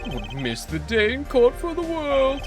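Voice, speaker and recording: A woman's voice: sits high, wildly swooping pitch, unhurried, exaggerated voice. A woman voicing a flamboyant rock-star male prosecutor who teases and drops German words, reading a game script aloud. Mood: showy. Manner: showy, teasing, dropping German words. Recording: game music playing behind.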